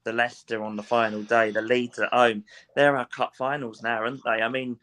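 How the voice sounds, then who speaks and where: A man, a guest in a casual post-match chat, measured and a little hesitant. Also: medium pitch, flat delivery, a bit bright. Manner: measured, agreeable, hesitant restarts.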